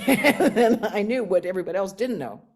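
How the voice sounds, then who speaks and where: A woman in her sixties from the United States, a nun giving a talk and telling stories from her life in an animated, self-mocking way. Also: medium pitch, moderate pace. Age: 60s. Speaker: guest speaker, nun. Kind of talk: storytelling talk with questions.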